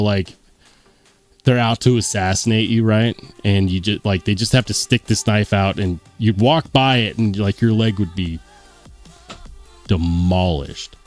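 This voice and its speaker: A man hosting a casual livestream, reading viewer comments aloud and chatting as he goes. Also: on the low side. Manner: lively, chatty, muses aloud. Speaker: host.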